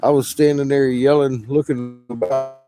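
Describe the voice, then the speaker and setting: A middle-aged man rambling excitedly and profanely in a casual monologue, showing off rocks from inside an RV. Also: medium pitch, moderate pace, music in the background.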